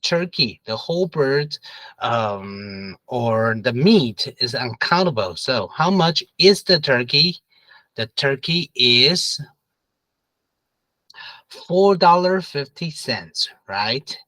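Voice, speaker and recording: Slow, bright-voiced male English teacher. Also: mid-range voice, animated, dry recording, rough recording. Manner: patient, repeats questions and prompts students to answer together. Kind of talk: classroom review lesson.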